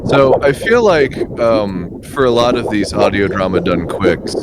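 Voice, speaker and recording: A man's voice: on the low side, lively intonation, a little slow, very noisy. A man guesting on a live-streamed chat, rambling and self-deprecating in a jokey way.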